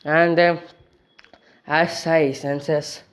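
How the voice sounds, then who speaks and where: A man's voice: on the high side, level tone, drawn-out words, clear, resonant tone. A man casually retelling a fan story, rambling with many fillers and self-corrections.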